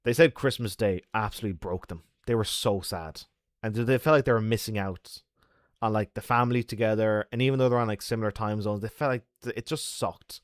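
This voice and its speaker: A man's voice: fairly low pitch, brisk, dry recording, clean studio sound. An Irish man chatting casually with his stream viewers, talkative and rambling. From Ireland.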